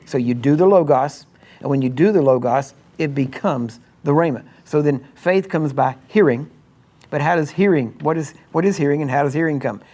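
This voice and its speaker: A man's voice: on the high side, moderate pace, warm tone. Emphatic man preaching a sermon. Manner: emphatic, checks in with frequent questions. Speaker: pastor.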